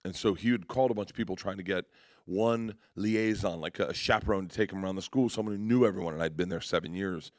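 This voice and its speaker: A comedian telling rambling anecdotes in a radio interview, acting out other people's voices and laughing along. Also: male voice, low-pitched, quick pace, dry recording, clean studio sound. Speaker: comedian guest.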